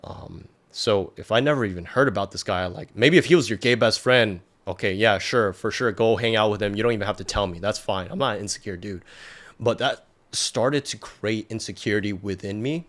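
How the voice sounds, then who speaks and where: A man's voice: on the low side, fairly quick, fairly bright tone. A young adult man, a podcast guest, telling a personal story in a rambling, casual way full of filler words and restarts.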